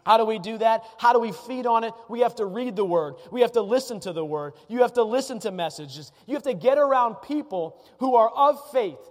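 A male pastor delivers a sermon with a fairly high voice, chatty and emphatic as he stacks up repeated phrases. His words ring out with a long reverb tail from a large hall. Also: animated, brisk, hardly any pauses.

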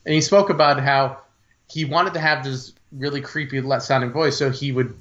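A man's voice: mid-range voice, steady tone, normal speed, fairly bright tone, dull audio. A man co-hosting a film podcast in casual chat, rambling with many fillers and restarts. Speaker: podcast co-host.

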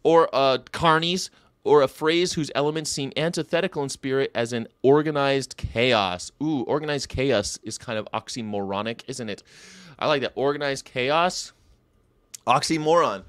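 Animated man hosting a casual stream. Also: medium pitch, normal speed, smooth, dry recording. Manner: animated, swears, sudden loud outbursts. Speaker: host. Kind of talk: casual livestream commentary.

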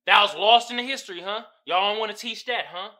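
A young man hosting a podcast, giving casual, profane, animated commentary straight to his listeners. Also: high voice, quick pace. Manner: animated, loud, swearing, talking straight to listeners. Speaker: podcast host.

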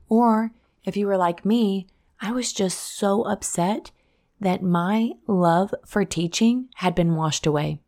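A woman hosts her own podcast in a relaxed monologue. Her voice sits in an ordinary middle range, and she speaks earnestly, encouraging the listener directly. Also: mid-range voice, slow. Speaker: podcast host.

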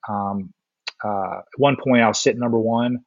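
A man's voice: on the low side, normal speed, gravelly, dry recording, narrow, tinny audio. A man in casual chat, animatedly telling a story and acting out what others said. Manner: animated storyteller, acts out quotes.

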